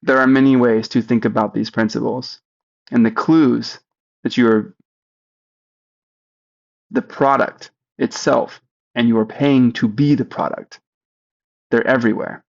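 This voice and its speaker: A man leading a guided spiritual practice, speaking slowly and deliberately and asking listeners to repeat phrases after him. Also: medium pitch, fairly even intonation, vocal fry, lo-fi sound. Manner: slow, deliberate, leads repetitions. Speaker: spiritual teacher. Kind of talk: guided meditation teaching.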